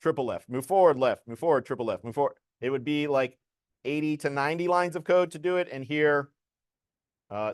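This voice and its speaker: A man's voice: mid-range voice, clean tone, no room sound, clean studio sound. A man teaching a programming lesson to a class, explaining code casually as he demonstrates it.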